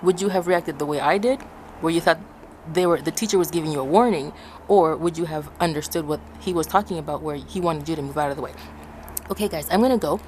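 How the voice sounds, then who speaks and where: A woman's voice: fast, slight background noise. A woman from Ecuador casually telling a story to her viewers, acting out what people said and laughing often. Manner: animated, acts out quotes in high shouts, laughs often. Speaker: vlogger.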